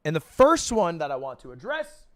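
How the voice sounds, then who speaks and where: A young American man streaming, chatting casually and jokily, breaking into loud outbursts now and then. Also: on the high side, moderate pace. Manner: animated, jokey, swings into loud outbursts. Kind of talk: casual livestream chat.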